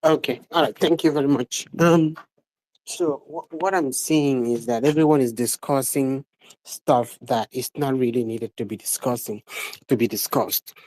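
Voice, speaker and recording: A man making a measured, slightly hesitant point in a live online discussion. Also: medium pitch, a little mellow. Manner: measured, hesitant, with fillers and questions. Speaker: participant in an online audio discussion.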